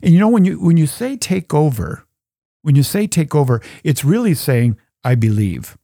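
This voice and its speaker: A middle-aged man hosting a Catholic talk show, earnestly teaching how to pray and softening into a hushed voice for the prayers. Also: a little high, very animated, normal speed, gravelly, dry recording, clean studio sound. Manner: earnest, drops to a soft, hushed voice when voicing prayers. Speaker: Catholic podcast host.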